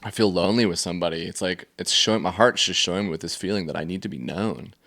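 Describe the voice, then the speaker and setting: A man's voice: deep voice, fast talker, fairly bright tone. A man giving a casual faith-based teaching on feelings, telling stories in a loose, conversational way with plenty of fillers. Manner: conversational, storytelling with many fillers.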